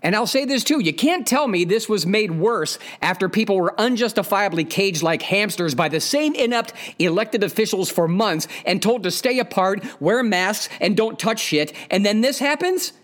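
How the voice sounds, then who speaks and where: A man's voice: high-pitched, lively intonation, moderate pace, few pauses, fairly bright tone. Blunt, profane man ranting on a podcast. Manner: emphatic, repeats key points. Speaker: podcast host. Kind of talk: opinionated podcast monologue.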